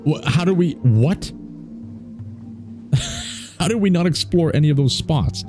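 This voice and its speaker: A man's voice: fairly high pitch, lively intonation, measured pace, over music. A man hosting a let's play, chatting playfully and reacting aloud to the game. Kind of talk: casual gameplay commentary.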